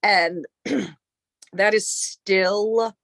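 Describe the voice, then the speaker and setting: A woman's voice: medium pitch, fairly even intonation, drawn-out words, creaky, a bit bright, dry recording. Long island lady in her 30s, chatty and upbeat, dry close mic. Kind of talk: casual chat.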